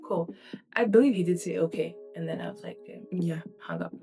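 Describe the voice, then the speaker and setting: A young woman vlogging to camera in a casual, tired, rambling way, with a low, quiet voice. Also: brisk, gravelly, soft background music.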